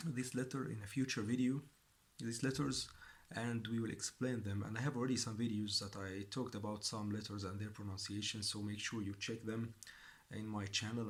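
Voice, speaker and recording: Man w a fairly low voice, teaching phrases slow and careful, says every word twice. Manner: slow and deliberate, repeating each word for learners. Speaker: Arabic language teacher. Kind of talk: language lesson for beginners.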